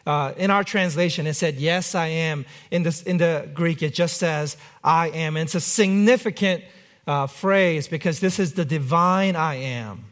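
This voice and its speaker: Male pastor, high voice, relaxed conversational sermon with dry humor. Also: moderate pace. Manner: conversational preaching with light humor.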